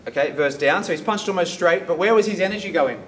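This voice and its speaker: A man's voice: high voice, fast. A man with an Australian accent teaching a karate workshop, explaining step by step and checking that the class follows. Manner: explains step by step, asks "hey?" for agreement, shouts counts. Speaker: karate instructor. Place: large echoey training hall. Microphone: camera mic from a distance. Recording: echoey hall, far from the mic, room noise.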